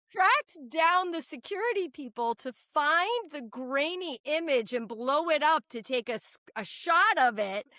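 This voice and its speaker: A woman from New Hampshire, a state legislator, telling stories in a blunt, profane, animated way during a casual podcast chat. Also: high voice, slow, dry recording, clean studio sound. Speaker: state representative guest.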